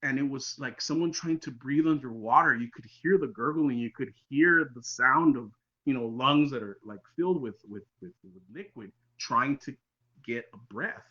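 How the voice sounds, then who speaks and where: A man recounts his own eerie encounter as a podcast guest. His voice is bright and forward, with a slightly dull, lo-fi sound. He swings from animated telling to hushed, quiet passages. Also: medium pitch, moderate pace. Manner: animated storyteller, drops to near-whispers for tense moments. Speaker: interview guest. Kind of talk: telling a personal encounter story.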